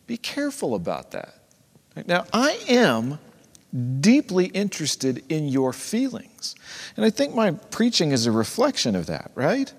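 Animated preacher in a reverberant church. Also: male voice, fairly high pitch. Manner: conversational, animated preaching with acted-out quotes. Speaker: pastor. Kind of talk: sermon. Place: church sanctuary. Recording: long reverb of a church hall.

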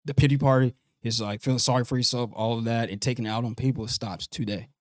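A man's voice: medium pitch, steady tone, fast talker, no echo, clean studio sound. A man as a podcast guest, telling a personal story in an earnest way, often restarting and acting out what his father said. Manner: earnest, repeats words and restarts, acts out his father's speech.

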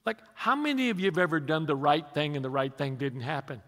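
An older male pastor in his sixties delivers an emphatic sermon, his voice high and forceful. He keeps turning to the congregation with questions. The sound carries a long reverb from a large church hall. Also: very animated, fast.

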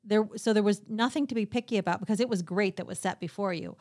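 A woman's voice: medium pitch, fast, darkish tone. A woman hosting a podcast, asking questions and chatting in an easygoing way. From Royal Oak area, Michigan, USA. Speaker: podcast host. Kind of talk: casual chat.

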